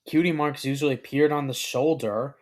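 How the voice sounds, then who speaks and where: A man reading his own fan fiction story aloud as narrator, unhurried and with halting restarts. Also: mid-range voice, steady tone.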